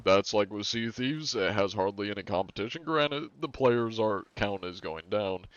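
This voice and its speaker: A man's voice: on the low side, fairly bright tone, clean tone, no room sound, lo-fi sound. A man streaming a game live, chatting in a rambling, laid-back way with small chuckles. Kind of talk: casual live-stream chat.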